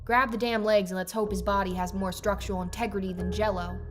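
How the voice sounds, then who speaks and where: A woman's voice: mid-range voice, fairly even intonation, fast, natural voice. A woman voicing a harsh, imperious female chief of medicine who barks curt, sarcastic orders, with faint music behind. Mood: sneering. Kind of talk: horror story reading.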